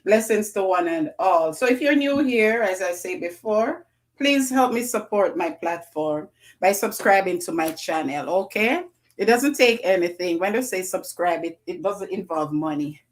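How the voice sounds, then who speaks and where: A woman's voice: mid-range voice, lively intonation, normal speed. Effusive Jamaican woman hosting a livestream. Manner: effusive, greets viewers by name, repeats phrases. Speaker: livestream host. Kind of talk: live-stream greetings to viewers.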